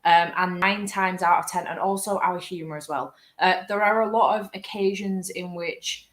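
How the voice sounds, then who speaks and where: A woman's voice: on the low side, fairly even intonation, normal speed, echoey room. A British woman in her twenties chatting casually as co-host, enthusiastic and rambling. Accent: British English. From Britain. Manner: enthusiastic, rambling, laughs often. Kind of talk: casual chat.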